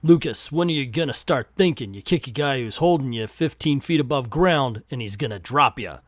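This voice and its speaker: A man's voice: mid-range voice, animated, brisk, no echo, studio quality, close to an everyday voice. A man voicing a worried young woman who pleads and scolds. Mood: pleading.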